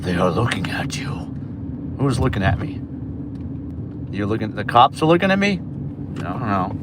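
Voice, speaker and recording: On a casual phone-camera livestream, a delivery driver from New York talks with his viewers from the car and inside a store. His lowish voice swings a lot in pitch at a moderate pace, chatty and rambling, with very noisy surroundings.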